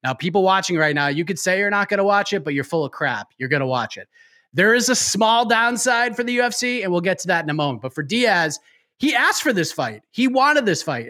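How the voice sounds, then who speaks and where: A man's voice: sits high, pushed and bright. A man who created the show, now on its panel, trash-talking with mock-fight hype and then giving emphatic fight analysis. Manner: brash, emphatic, repeats for effect.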